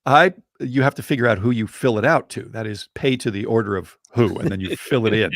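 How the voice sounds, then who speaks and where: An older man telling a story in a casual podcast chat, animated and acting out the people in it. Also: fairly low pitch, fairly quick, no room sound, studio quality. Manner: animated, acts out the people in his stories. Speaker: storyteller and co-host.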